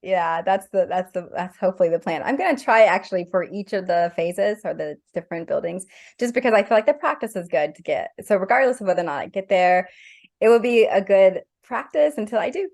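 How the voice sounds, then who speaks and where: A woman's voice: medium pitch, expressive, a little fast, a little mellow. A woman co-hosting a podcast in casual chat, chatty and laughing a lot, a little self-conscious. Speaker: podcast co-host and content creator.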